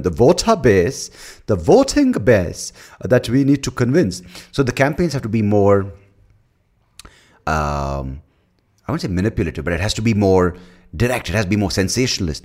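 With a fairly low, darkish voice, a man with an Indian English accent rants casually as a comedian hosting a podcast. His talk is rambling and profane, full of self-corrections.

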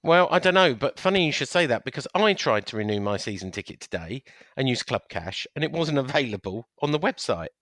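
A man co-hosting a podcast, chatting in an animated, teasing way. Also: mid-range voice, a little fast, hardly any pauses, no echo, studio quality. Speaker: podcast co-host. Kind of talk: casual chat.

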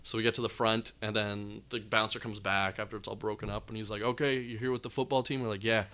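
Bright-voiced man telling rambling stories. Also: on the low side, level tone, quick pace, clear, resonant tone. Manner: rambling, long-winded anecdotes. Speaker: comedian guest. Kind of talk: casual storytelling.

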